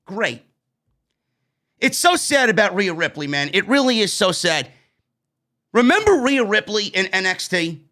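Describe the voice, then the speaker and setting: A high, bright-toned man talking through a wrestling show review. He is blunt and profane, and he sounds openly exasperated with choices he doesn't like. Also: very animated, a little slow, long pauses. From New York. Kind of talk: casual opinionated review.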